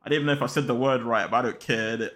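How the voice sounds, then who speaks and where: A young man chats about football in a loose, slang-filled way. He talks straight to his viewers with hype and energy, at an everyday pitch. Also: very fast, fairly bright tone. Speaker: football channel host. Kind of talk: casual football vlog chat.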